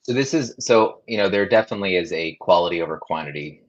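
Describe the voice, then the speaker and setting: Very deep-voiced man on a dull call line. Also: expressive, fast talker. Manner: asks questions, reads out chat comments. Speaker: co-host. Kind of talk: casual livestream chat.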